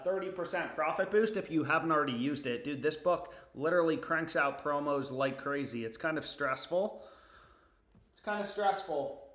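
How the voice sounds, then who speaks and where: An excitable young man hosts a casual home livestream about sports betting, cursing readily as he chats with his audience and himself. His voice is fairly high and the sound is reverberant.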